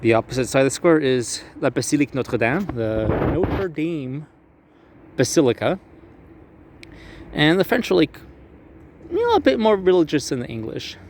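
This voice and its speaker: A man's voice: fairly high pitch, very animated, moderate pace, pauses often, darkish tone, slight background noise. A young man giving a casual walking tour outdoors on a city square. He swears freely, jokes around, and slips into mocking voices when quoting historical figures. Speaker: tour guide vlogger.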